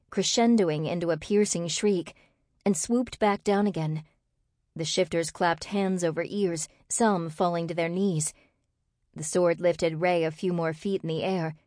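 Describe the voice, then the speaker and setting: A woman narrating a novel in a steady, expressive reading voice. Her pitch sits on the low side, and the recording is dry and close-miked. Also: no echo. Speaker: audiobook narrator. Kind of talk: scripted narration.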